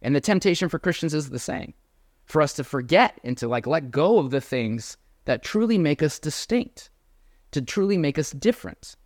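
A man's voice: fairly high pitch, lively intonation, moderate pace, no echo. Earnest male pastor preaching, dry close sound. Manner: earnest, building to emphatic points, then quieter prayer. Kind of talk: sermon.

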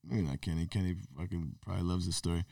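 A man's voice: low voice, fast, gravelly, mellow, dry recording, studio quality, far from the mic. A young man co-hosting a podcast, rambling through a story in a casual chat, swearing and restarting his sentences. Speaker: podcast co-host.

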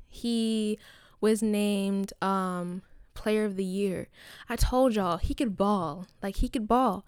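A young woman vlogger telling a personal story in a casual, chatty way, full of fillers and animated asides. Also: medium pitch, clear, resonant tone, no room sound, clean studio sound. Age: young adult.

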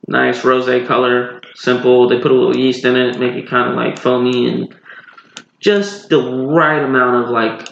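Gravelly-voiced man reviewing beer on a podcast. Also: medium pitch, a bit bright. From North Carolina. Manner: laid-back, digressive, explains at length with fillers. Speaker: podcast co-host. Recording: roomy, dull lo-fi sound.

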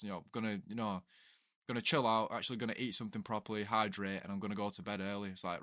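A man's voice: lowish voice, quick pace, sharp tone, no room sound, studio quality. A man, an ex-soldier co-hosting a podcast, telling laid-back sweary army stories in casual chat.

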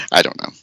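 A man's voice: medium pitch, sharp tone, breathy edge, no room sound. A man co-hosting a casual podcast, joking around and often breaking into laughter. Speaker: podcast co-host.

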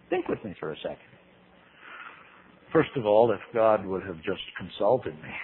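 A man teaching the Bible in a humorous sermon, telling stories with big leaps in pitch and acting out quotes in voices. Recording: tinny radio broadcast with faint hiss.

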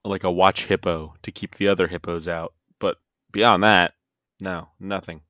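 A man's voice: deep voice, steady tone, moderate pace, a bit bright, no room sound, clean studio sound. A man co-hosting a podcast, reacting with wry interjections in casual chat. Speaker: podcast co-host.

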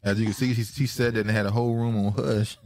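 Low-voiced man hosting a casual podcast. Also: quick pace. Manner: laughs often, talks over others, jumps in pitch when excited. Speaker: podcast host. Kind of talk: casual chat.

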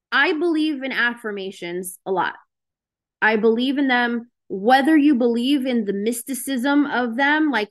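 Frank, chatty woman hosting a self-help call, a little high in pitch, easy and conversational. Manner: frank, chatty, with lots of fillers. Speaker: host of a self-help session. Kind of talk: casual motivational talk. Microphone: video call.

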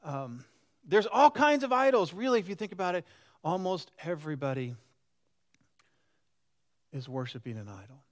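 A man's voice: high voice, moderate pace, pauses often. A pastor in his sixties gives a conversational sermon and often puts questions to the congregation. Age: 60s. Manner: lively and animated.

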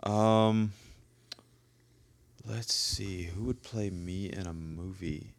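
Low-voiced man chatting hesitantly. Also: fairly even intonation, extremely slow. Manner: hesitant, thinking aloud. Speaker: podcast co-host. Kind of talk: casual chat.

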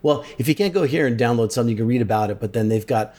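A man's voice: medium pitch, racing, darkish tone. A man co-hosting a tech podcast, enthusiastically recommending tools and films. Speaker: podcast co-host. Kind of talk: casual tech podcast chat.

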